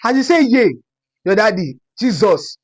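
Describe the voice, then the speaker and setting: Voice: medium pitch, expressive, normal speed, husky. A young adult from Nigeria with a Yoruba-inflected Nigerian accent, telling a personal story in a casual, dramatic way and repeating phrases for effect. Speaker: storytime vlogger.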